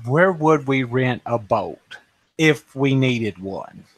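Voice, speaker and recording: A man's voice: medium pitch, expressive, slow, dry recording. A man playing his character at a tabletop game, breezy and reassuring. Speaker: player.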